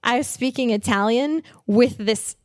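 A woman's voice: a little high, measured pace, dry recording, studio quality. A woman guest on a podcast, chatting enthusiastically about travel and laughing often. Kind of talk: casual interview chat.

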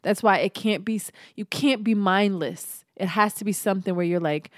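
A woman's voice: medium pitch, brisk, few pauses, no echo, studio quality. Frank, earnest woman guest. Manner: earnest, frank, swears casually. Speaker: podcast guest. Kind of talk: casual chat.

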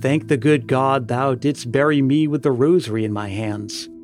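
A man's voice: medium pitch, normal speed, darkish tone, lightly acted. A man voicing the frightened ghost of an old peasant wife in a gothic story, speaking in an awed, pleading way. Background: music.

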